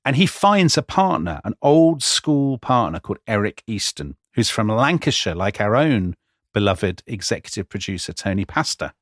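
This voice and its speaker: A man with a lowish voice narrates history to his co-host in a wry, chatty manner, slipping into little laughs. The sound is close and dry, with no room around it. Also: sing-song, normal speed, no room sound. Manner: wry, chatty storyteller who laughs mid-sentence. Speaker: podcast co-host. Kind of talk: conversational history storytelling.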